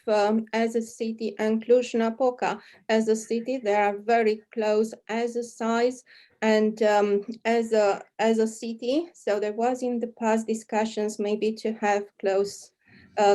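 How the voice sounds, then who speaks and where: Woman prof on a video call, flat mellow voice, lots of ums. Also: on the high side. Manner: measured, many filler pauses. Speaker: professor, panelist. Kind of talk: panel remarks.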